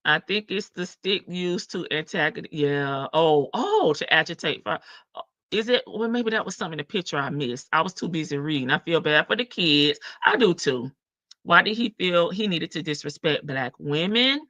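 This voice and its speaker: A woman's voice: low-pitched, lively intonation, normal speed, fairly bright tone, dry recording, muffled recording. A woman hosting a casual livestream, reading chat comments aloud and chatting with viewers. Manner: chatty, reads comments aloud, laughs often.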